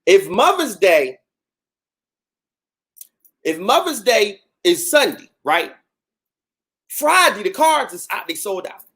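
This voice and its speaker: A man hosting a casual livestream chat, reading viewer comments and talking to them with slang. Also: high-pitched. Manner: animated, talks to viewers with slang. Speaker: host.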